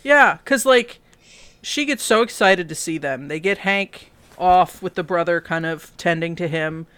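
A woman's voice: on the low side, unhurried, smooth. A woman co-hosting a podcast, casually retelling a film's plot and quoting characters in voices. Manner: animated storytelling, quotes characters in voices. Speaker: podcast co-host. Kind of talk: casual movie recap chat.

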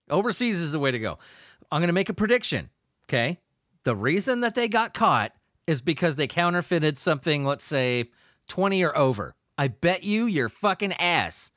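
A man's voice: a little high, fairly bright tone, dry recording, clean studio sound. A man hosting a podcast, reading crime news aloud and ranting about it in a crude, laughing, profane way. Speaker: podcast host. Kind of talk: profane comedic news commentary.

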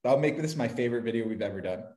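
A man bantering loudly and teasing his friend while making calls, laughing often. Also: medium pitch, animated, very fast. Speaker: sales coach making cold calls on a game. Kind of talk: casual banter. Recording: echoey room.

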